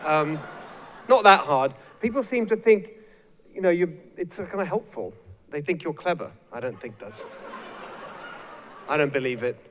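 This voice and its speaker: A man's voice: fairly high pitch, a little slow, long pauses. Rallying British man in a big hall. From United Kingdom. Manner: energetic, rallying the crowd. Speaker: guest speaker. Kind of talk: live speech to an audience. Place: large hall with a live audience. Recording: long hall reverb.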